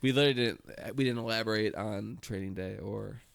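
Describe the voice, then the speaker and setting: Low-voiced rambling podcast man. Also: a little fast, gravelly, dry recording, studio quality. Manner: rambling, easygoing, trails off and restarts. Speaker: podcast co-host. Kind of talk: casual chat.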